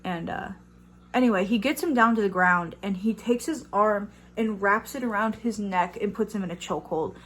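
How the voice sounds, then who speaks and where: Casting: young woman, casual storyteller, mid pitch, faint background hiss. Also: normal speed, a bit bright. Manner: chatty, many fillers, swears when riled. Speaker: vlogger.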